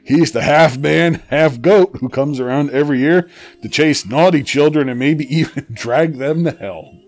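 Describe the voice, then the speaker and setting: A man's voice: fairly high pitch, moderate pace, darkish tone. A man co-hosting a casual podcast, reading an article aloud while joking and laughing through it. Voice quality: profane, joking asides. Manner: giggly, laughs through his reading and breaks off often. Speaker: podcast co-host.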